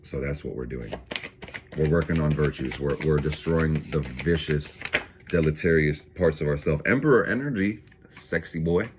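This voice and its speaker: A man's voice: very deep voice, steady tone, normal speed, noisy background. A man casually reading tarot cards on his vlog, swearing freely and laughing often. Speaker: tarot reader vlogger.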